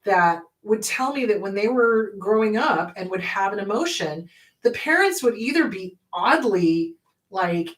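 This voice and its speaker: An emphatic woman therapist hosting her own show. She answers a viewer's question in an animated way and breaks into quick acted-out lines from parents. Her voice sits at an ordinary pitch for a woman.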